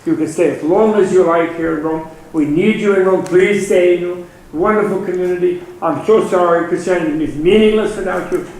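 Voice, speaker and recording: A man's voice: sits high, darkish tone. Man doing a flustered old pope. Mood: effusive. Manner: brisk, then effusively apologetic. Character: impulsive, easily swayed older male pope. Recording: very echoey hall, faint noise.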